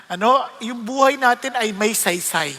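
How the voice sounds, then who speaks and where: A woman's voice: fairly high pitch, moderate pace, sharp tone, long reverb tail. A woman with a Filipino accent preaching a sermon, switching between English and Tagalog and asking rhetorical questions.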